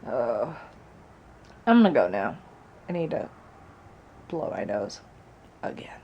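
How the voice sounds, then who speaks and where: A woman's voice: a bass voice, big pitch swings, takes it slowly, dark tone, muffled recording, slight background noise. A woman vlogging casually at home, chatting in a rambling way with asides, sounding sick and tired. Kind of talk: casual chat. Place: at home by a patio door.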